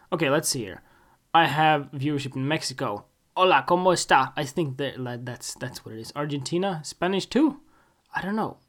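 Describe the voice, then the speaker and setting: A man's voice: medium pitch, a bit bright. A Swedish-born man hosting his own podcast alone, rambling casually with jokey, self-mocking asides. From Sweden. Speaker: podcast host. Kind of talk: casual solo podcast monologue.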